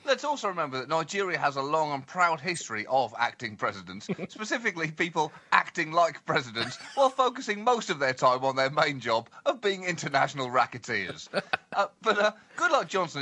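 A man co-hosting a comedy podcast, with animated, mock-indignant comic delivery. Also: fairly high pitch, fairly quick. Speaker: co-host.

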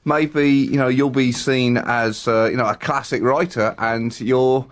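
A man's voice: medium pitch, steady tone, measured pace. A man co-hosting a podcast, talking in a rambling, hesitant way with many fillers. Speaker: podcast co-host. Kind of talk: casual chat.

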